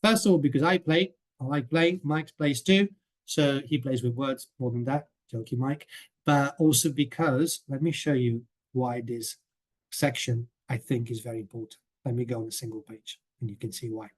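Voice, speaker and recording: A man's voice: medium pitch, steady tone, normal speed. Chatty man presenting a webinar. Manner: chatty, keeps checking in with "okay?". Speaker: teacher trainer presenting a coursebook.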